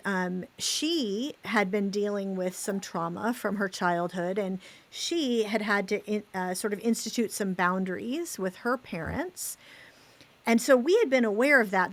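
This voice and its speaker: A middle-aged woman co-hosting a podcast, telling a story earnestly and relaying what a friend said. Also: medium pitch. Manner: earnest, retells a friend's words with feeling. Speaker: podcast co-host. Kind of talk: conversational storytelling.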